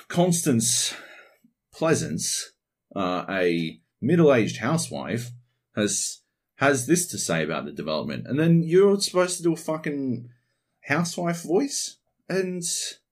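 An Australian man hosting a podcast alone, rambling casually and swearing freely. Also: mid-range voice. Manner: rambling, heavy swearing, animated. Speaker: podcast host. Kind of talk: casual solo podcast monologue.

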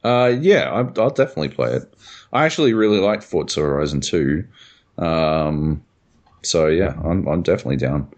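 A deep-voiced man chats in a laid-back, agreeable way, hesitating as he gathers his thoughts. He sounds relaxed and easygoing. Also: normal speed, highs cut off. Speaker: podcast co-host. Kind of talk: casual chat.

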